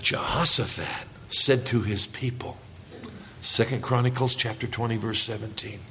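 A man's voice: mid-range voice, fairly even intonation, normal speed, pushed and bright, slight background noise. A man preaching a sermon to his congregation, lifting his voice for emphasis and calling for responses. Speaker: pastor.

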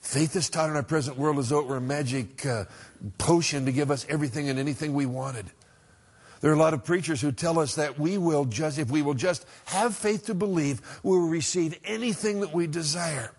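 A middle-aged pastor delivers a sermon in an earnest, conversational way, moving back and forth between emphatic lines and hushed ones. His voice is a little high and his pace brisk.

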